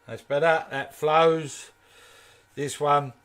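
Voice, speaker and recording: A man from East London with a Kent English accent hosts a woodturning channel, chatting casually and joking while he answers viewer comments as he works in a live demo. His voice is fairly high and a bit bright, with fairly even intonation and a slow pace.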